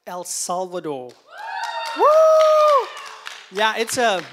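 Upbeat man, high voice. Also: moderate pace, a loud crowd, very noisy. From Namibia. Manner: enthusiastic, upbeat, energetic. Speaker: youth leader. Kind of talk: church announcement interview. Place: church service on stage.

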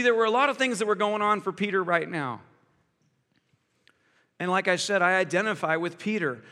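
High, bright-voiced preacher in a reverberant hall. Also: male voice. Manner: conversational, animated, asks the congregation questions. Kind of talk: sermon.

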